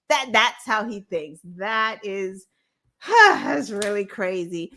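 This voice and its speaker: A woman's voice: mid-range voice, big pitch swings, slow pace, fairly bright tone. A woman hosting a show, giving casual, profane political commentary, incredulous and laughing between points. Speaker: podcast host.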